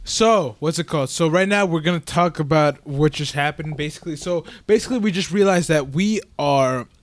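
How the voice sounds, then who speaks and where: A man's voice: on the high side, brisk, dry recording. A young man hosting a casual podcast, loose and joking, swearing and laughing often. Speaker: podcast host.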